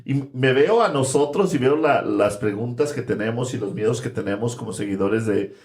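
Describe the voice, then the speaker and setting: A man's voice: mid-range voice, fast talker, a little mellow. A young man reflecting on faith in a casual podcast, thoughtful, building his points through repeated phrases. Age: young adult. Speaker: podcast co-host.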